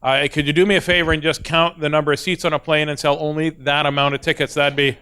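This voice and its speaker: A man's voice: fairly high pitch, little pitch movement, quick pace, bright, forceful tone, clear, resonant tone. A middle-aged man doing stand-up in front of an audience, telling a story in a self-mocking way and acting out the dialogue. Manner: self-deprecating, acts out dialogue, laughs at own jokes. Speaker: stand-up comedian. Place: stage before a live audience.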